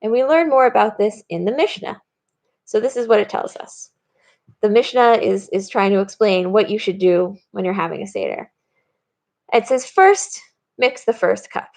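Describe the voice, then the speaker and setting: A woman's voice: mid-range voice, moderate pace, creaky, a little mellow. A woman rabbi giving a recorded lesson, explaining steadily and reading verses aloud. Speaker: rabbi and teacher. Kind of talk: recorded teaching talk.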